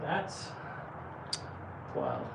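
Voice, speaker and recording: Sick man, offhand remarks, roomy echo, background noise. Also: extremely slow. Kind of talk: casual off-mic remarks.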